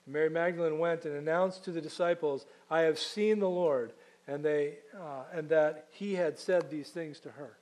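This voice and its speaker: A man preaching a sermon conversationally, asking rhetorical questions and slowing down to read scripture aloud. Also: a little high, steady tone, a little mellow.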